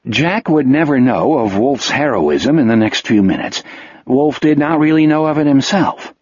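A man narrating an audiobook in an expressive, vivid storytelling manner. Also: medium pitch, moderate pace, husky, no echo. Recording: dull lo-fi dry recording.

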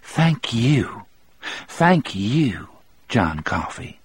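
A man voicing a cheerful elderly woman, gentle and grateful, in a lifted falsetto. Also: big pitch swings, very slow, husky, dry recording, full character voice. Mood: earnest. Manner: bright, eager, lilting falsetto.

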